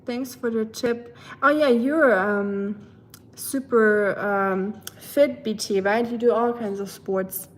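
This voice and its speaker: A woman's voice: on the high side, fairly even intonation, slow pace, rough recording. A young woman from Germany with a German accent, chatting casually and rambling a bit as she talks with viewers on her livestream. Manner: chatty, rambling, self-teasing. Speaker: livestream host. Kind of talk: casual chat with live viewers.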